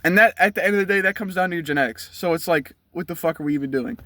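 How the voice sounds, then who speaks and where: A man's voice: on the high side, rapid-fire, pushed and bright, no room sound. A man, ranting bluntly and profanely from inside his car. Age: 20s. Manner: blunt, profane, heated rant. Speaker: vlogger. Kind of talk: ranting commentary.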